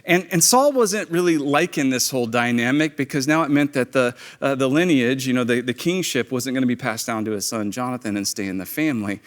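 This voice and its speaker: Animated preacher in an echoing hall. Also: male voice, mid-range voice, fairly quick, few pauses. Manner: storytelling, animated, acts out quoted lines. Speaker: pastor. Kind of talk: sermon. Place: church auditorium. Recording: echoey church hall.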